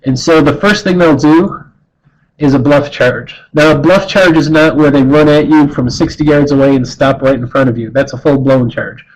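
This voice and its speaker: A middle-aged man with a fairly high-pitched voice is heard through poor audio. A wildlife educator, he gives an earnest, conversational, informal talk on bear behavior, frequently restarting and repeating words as he explains.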